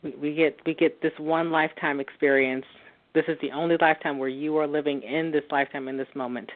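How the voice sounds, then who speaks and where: A woman reads for a caller, her tone gentle and reassuring, with easy laughter. Her voice comes through a thin, tinny phone line. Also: sits low, fairly even intonation, fast. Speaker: psychic guest giving a reading. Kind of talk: phone-in psychic reading and chat.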